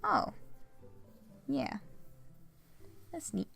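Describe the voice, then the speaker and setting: A young adult woman streams a game and chats casually, rambling with lots of fillers and laughter. Her voice is a bit bright and she draws out her words, with soft music in the background.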